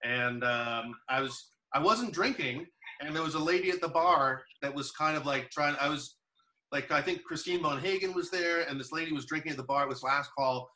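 A man's voice: fairly high pitch, normal speed, sharp tone, far from the mic, low-quality recording. A man chatting casually, telling a long anecdote with many fillers and restarts. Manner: rambling storyteller, many fillers. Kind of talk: casual chat.

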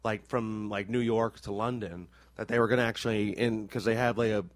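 A man's voice: on the low side, fairly even intonation, brisk, dry recording. A man in a casual podcast chat who speaks hesitantly, with many fillers and restarts.

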